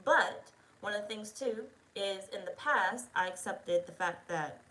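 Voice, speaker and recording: A woman's voice: medium pitch, unhurried, bright, forceful tone, low-quality recording. Profane, rambling tarot-reading woman. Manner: rambling, profane, talks straight to viewers. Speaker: tarot reader. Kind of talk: casual spoken tarot reading.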